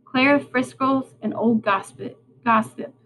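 A woman's voice: a little high, unhurried, a bit bright, a little hiss or hum, low-quality recording. A woman voicing an earnest young girl in a storybook reading, speaking in a pleading, patient way. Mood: defensive.

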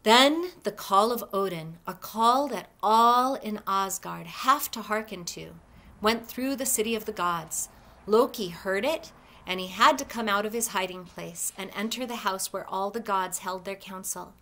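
A woman, a librarian, narrating a storybook read-aloud in a measured, expressive way. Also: mid-range voice.

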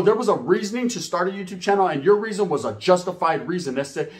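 Streetwise man, blunt and profane. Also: sits high. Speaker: YouTuber. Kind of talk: casual monologue to camera.

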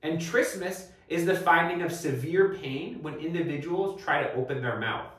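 A man lecturing on medicine in a methodical, step-by-step way, now and then turning to the viewer with questions. His voice sits a little high for a man. He sounds set back from the mic, and the room around him rings with heavy echo. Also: moderate pace, a bit bright, far from the mic. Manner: clear, methodical teaching with rhetorical prompts. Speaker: medical educator.

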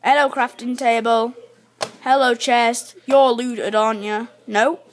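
Woman gamer, high voice, unhurried chatty self-commentary with excited yelps. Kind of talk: live gameplay commentary.

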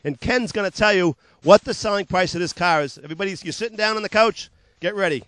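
On his local TV car sales show, a man moves fast through upbeat, repetitive pitches, cracking jokes whenever his tongue slips. The voice is a bit bright, with no echo.

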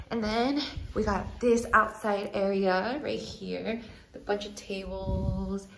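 A young woman vlogging casually into a handheld phone, chatty, excited and full of slang. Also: mid-range voice, slight background noise, low-quality recording. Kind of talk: casual travel vlog narration. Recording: loud music and crowd.

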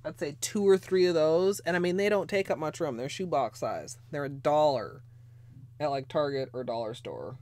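A woman's voice: low voice, animated, moderate pace, mellow. A woman hosting a casual nail polish livestream from her bedroom, rambling chattily with lots of fillers as she answers viewers' chat. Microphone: desk mic, moves away from it at times.

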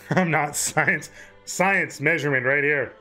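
A man's voice: a little high, slow, pushed and bright, soft background music. A man streaming a game, giving joking, crude commentary and laughing at the dialogue. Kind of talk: casual let's play commentary.

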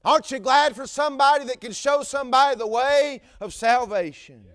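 A man's voice: very high-pitched, fairly quick, fairly bright tone, dry recording. A man preaching a fervent sermon with repetitive phrasing and stammered fillers.

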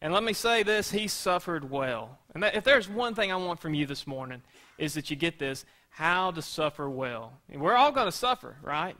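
Bright-voiced pastor preaching conversationally. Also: male voice, a little high, animated, normal speed. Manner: conversational preaching with rhetorical questions. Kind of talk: sermon.

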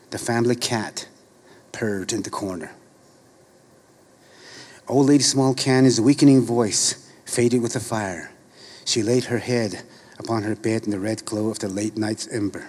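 Husky, measured male storyteller. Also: medium pitch, darkish tone. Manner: slow, measured and solemn. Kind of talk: reading a story aloud.

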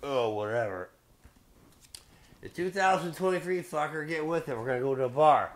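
A man's voice: fairly high pitch, expressive, moderate pace, long pauses. Profane rambling Midwestern man. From Belleville, Illinois. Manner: profane, rambling, goes off on tangents; loose, beer-drinking delivery. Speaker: video blogger host. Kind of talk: casual rambling monologue.

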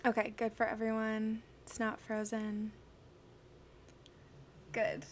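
A woman's voice: on the high side, completely flat delivery, slow pace, slight background noise. Bubbly young woman chatting on a livestream. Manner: bubbly, gushing, greeting viewers by name. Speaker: streamer solving crosswords. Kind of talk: casual livestream chat.

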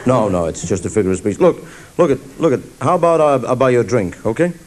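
A man on stage playing a smarmy wine-bar chat-up man with a deep, gravelly, drawling voice in live stand-up comedy. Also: lively intonation, fast, a faint crowd, lightly acted. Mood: flustered. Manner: slick, drawling, fake-suave.

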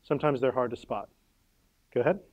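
A man's voice: medium pitch, a little fast, a little mellow, highs cut off. A man presenting at a conference workshop, casual and playful, with lots of "like" and "right?" and the odd sound effect.

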